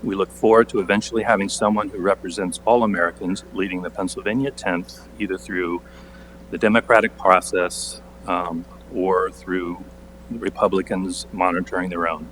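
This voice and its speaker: A man with a very low voice reads a prepared statement at a council meeting. He stays pointed and sarcastic and leans hard on his key words. A faint hum runs under the recording. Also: steady tone, normal speed, rough recording. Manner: pointed, sarcastic, building to forceful emphasis. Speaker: borough council member.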